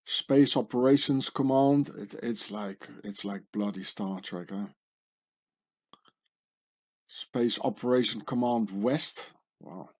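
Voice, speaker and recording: On his own channel, a man talks through on-screen images at a slow pace in a mid-range, slightly mellow voice. He comes across as sardonic and conspiratorial and frequently tags his remarks with questions.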